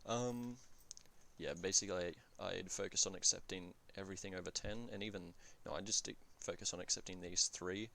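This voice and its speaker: A man talking through a strategy game in a casual commentary. His low voice has a gravelly fry and a sharp, bright edge. He thinks out loud, stops to correct himself and fills the gaps with ums and uhs. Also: steady tone, fairly quick. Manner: thinks aloud, self-correcting with frequent fillers.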